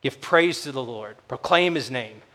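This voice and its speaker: A man's voice: medium pitch, lively intonation, moderate pace, pushed and bright. A man preaching a sermon as pastor, telling stories in a conversational way and acting out the voices of the people in them. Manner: conversational storytelling, acts out quoted voices.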